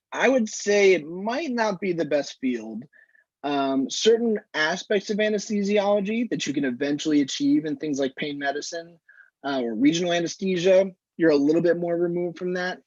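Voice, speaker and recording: Husky-voiced male doctor on a muffled call. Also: fairly high pitch, darkish tone, dry recording. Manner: measured, explanatory, frequent "standpoint" phrasing. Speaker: anesthesiologist answering student questions. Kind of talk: casual advice in an online Q&A. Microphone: video call. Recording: muffled, slightly lo-fi video call audio.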